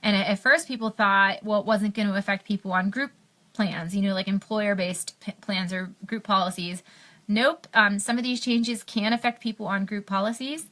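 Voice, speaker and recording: A woman's voice: medium pitch, fairly even intonation, moderate pace, a bit bright. A young adult woman from the United States talking on a live stream, impassioned, with many fillers and restarts. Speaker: health blogger on a live stream.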